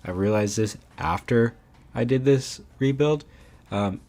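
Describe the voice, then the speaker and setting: A young man giving casual, animated commentary over his own video game footage, ranting and saying "man" often. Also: medium pitch, unhurried. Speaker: gaming YouTuber.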